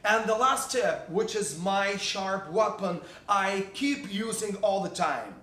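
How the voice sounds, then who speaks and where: Emphatic high-voiced man in a roomy echo. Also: animated, takes it slowly, pushed and bright, a little hiss or hum. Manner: emphatic, repeats key words for effect. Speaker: teacher giving tips to teachers. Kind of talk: motivational talk to teachers.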